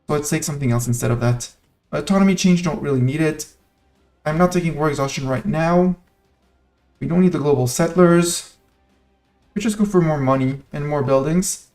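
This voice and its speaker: A man's voice: on the high side, normal speed, long pauses, darkish tone, soft background music. A man giving casual live commentary on a strategy game he is streaming, thinking aloud and playfully talking to the nations on his map.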